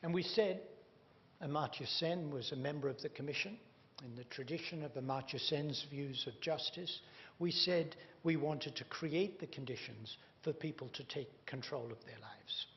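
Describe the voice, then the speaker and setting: A man's voice: on the high side, moderate pace. A man giving a public lecture, emphatic and wry, leaning hard on key words. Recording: dull reverberant hall recording with faint hum.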